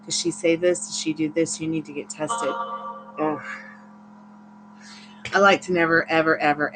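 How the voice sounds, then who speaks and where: This tarot reader, tired and low-voiced, hosts a livestream over music, speaking at normal speed with frequent pauses. In casual chat she rambles candidly through a long personal story and laughs a lot, and the recording quality is low.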